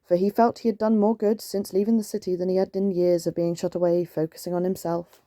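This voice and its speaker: Woman reading a storybook, gentle soothing tone, mellow low voice, dry close sound. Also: little pitch movement, a little fast, no echo. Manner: gentle and soothing, with chatty asides. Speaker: storytime reader. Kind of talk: reading a picture book aloud.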